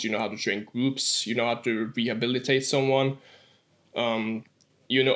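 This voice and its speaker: Norwegian guy in his 20s chatting on a podcast, lots of likes, keeps clearing his throat. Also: medium pitch, a bit bright. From Norway. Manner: says "like" often. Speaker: guest. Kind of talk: casual podcast interview.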